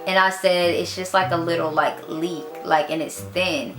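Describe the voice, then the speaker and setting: A woman's voice: on the low side, moderate pace, reverberant, soft background music. A young woman chatting casually as she tells her birth story, full of "like" and "girl", acting out what other people said. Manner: animated, acts out the voices of others in quotes.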